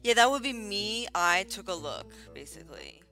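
A woman's voice: mid-range voice, very animated, normal speed, sharp tone, faint music behind. A woman playing a tabletop game, talking casually with hesitant fillers. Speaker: player.

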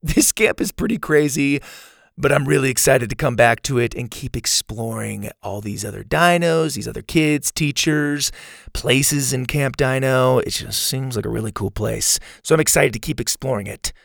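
Gravelly male narrator and host, dry close sound, kids' storybook reading. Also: medium pitch, moderate pace, no room sound.

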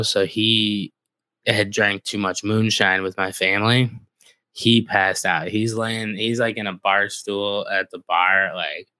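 A man's voice: lowish voice, bright, forceful tone, dry recording. A man from the American Midwest hosting a podcast, telling a rambling, casual story full of filler "like"s. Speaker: podcast host.

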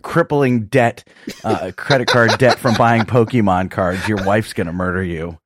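Teasing male podcast co-host, low voice. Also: unhurried, slight background noise. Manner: dry teasing joker. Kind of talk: casual podcast banter.

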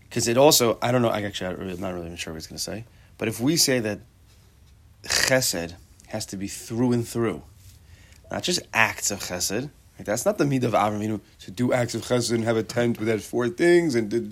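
A man with a somewhat low voice leads a Torah class. He talks to his students in a loose, conversational way. He drops Hebrew terms into his English, asks rhetorical questions and makes joking asides. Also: vocal fry. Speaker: Torah teacher.

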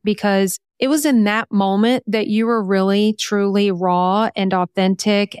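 Smooth-voiced woman host, dry close sound. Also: mid-range voice, no room sound. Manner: warm praise, thoughtful, slows down to stress points. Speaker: podcast host. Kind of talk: casual interview conversation.

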